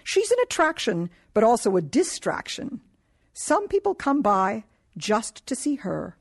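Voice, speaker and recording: Quiet British bookseller man, as a woman reads him. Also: on the high side, big pitch swings, measured pace, slightly rough, dry recording, clean studio sound, pitched above the performer's own voice, heavily acted. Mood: quiet, courteous. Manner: quiet, courteous. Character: soft-spoken male bookseller, polite.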